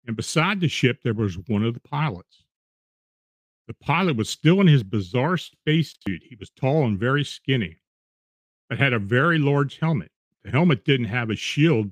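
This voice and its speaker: A man reading eerie true accounts aloud in a steady, measured storytelling voice, with the odd restart. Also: mid-range voice, dry recording. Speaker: narrator reading paranormal accounts.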